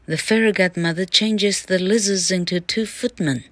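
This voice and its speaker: A woman teacher reading a storybook aloud slowly and carefully in a bilingual lesson. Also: mid-range voice, no echo. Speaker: English teacher.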